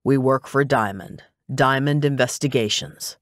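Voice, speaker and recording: A wry male detective speaks in an audiobook, read by a man. His voice sits mid-range and sounds plain and unhurried. He delivers lines matter-of-factly, with a teasing edge, in a dead-dry studio sound. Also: mid-range voice, no echo, lightly acted. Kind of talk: audiobook dialogue.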